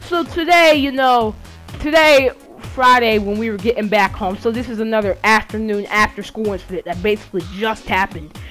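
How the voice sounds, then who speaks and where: A woman's voice: fairly high pitch, normal speed, a bit bright. A teenage girl tells a long story, full of false starts and filler words. She talks in a loose, casual way, as if chatting to her viewers from home, and faint music plays behind her. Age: teens. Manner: rambling, many restarts and fillers. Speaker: student vlogger. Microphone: game console headset.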